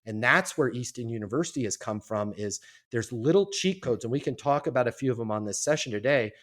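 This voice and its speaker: A man of fifty, a guest on a podcast, telling his life story in a casual, animated way and acting out the voices of the people in it. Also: medium pitch, brisk. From Colorado, US. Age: 50s. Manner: animated storyteller, acts out quoted voices, repeats words.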